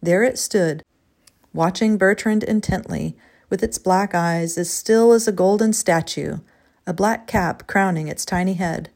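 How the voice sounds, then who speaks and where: A woman with a fairly low voice reads a gentle storybook tale aloud. Her narration is measured and expressive. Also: gravelly. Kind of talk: scripted storytelling.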